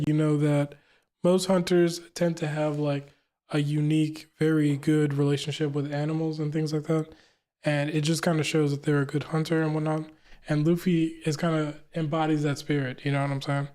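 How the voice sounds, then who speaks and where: A man giving relaxed reaction commentary while reading comic dialogue aloud, chatty and laughing often. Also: on the high side. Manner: relaxed and chatty, laughs often, keeps saying "you know what I'm saying". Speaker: manga reaction streamer.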